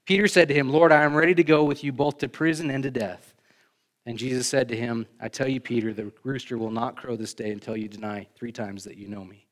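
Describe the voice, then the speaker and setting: A man preaching a sermon as pastor, talking in a conversational way with joking asides to the congregation, rising for emphasis and then dropping low.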